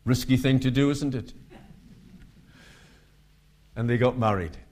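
A man preaching, telling street-evangelism stories in a lively way. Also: medium pitch, a little slow. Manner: animated, acts out quoted voices. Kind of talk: sermon with storytelling.

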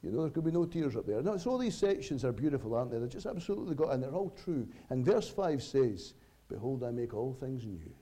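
A man preaching a sermon to his congregation, earnest, with dramatic pauses and sudden swells and drops in volume. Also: medium pitch, big pitch swings, mellow.

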